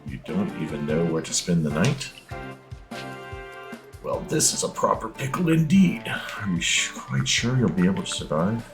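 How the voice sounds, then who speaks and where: A man with a low, gravelly voice reading aloud the lines of a polite, fussy male Pokémon professor in a mock-formal tone, with game music behind. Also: sing-song, normal speed. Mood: courteous. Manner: read aloud from on-screen text in a mock-formal tone.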